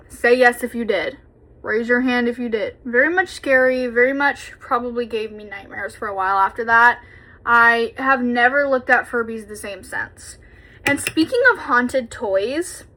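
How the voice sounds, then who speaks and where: A young woman in her twenties telling a childhood story while doing her makeup, chatty and animated, swearing freely, filmed on a propped-up phone. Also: on the high side. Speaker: beauty vlogger. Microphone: phone camera propped up.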